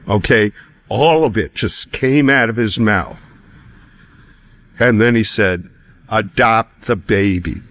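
A man's voice: mid-range voice, a bit bright, dry recording. A middle-aged man telling a personal faith story, acting out quoted dialogue with bursts of laughter. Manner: laughs between lines.

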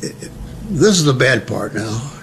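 A man's voice: medium pitch, expressive, moderate pace, gravelly, slight background noise. An elderly American man telling personal stories in a chatty, humorous way, acting out the voices of people he quotes. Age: older. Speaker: veteran interviewee. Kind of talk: personal storytelling.

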